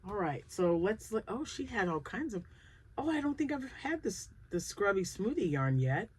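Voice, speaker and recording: A woman hosting a crochet channel, chatting casually and thinking aloud as she excitedly unboxes yarn. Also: mid-range voice, normal speed, a little hiss or hum.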